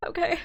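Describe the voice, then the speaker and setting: A woman's voice: extremely high pitch, a little hiss or hum. A woman streamer chatting casually on a live stream into her microphone, giggly and flustered, often laughing and cutting herself off. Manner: giggly and flustered, frequent laughs and self-interruptions. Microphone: desk microphone.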